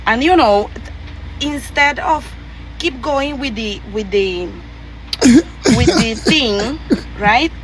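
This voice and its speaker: A woman's voice: fairly high pitch, animated, extremely slow, pauses often, slight background noise, poor audio. Venezuelan woman telling a story with heat. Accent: Venezuelan Spanish. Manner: rambling, profane, emphatic, many fillers and restarts. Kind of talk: heated storytelling.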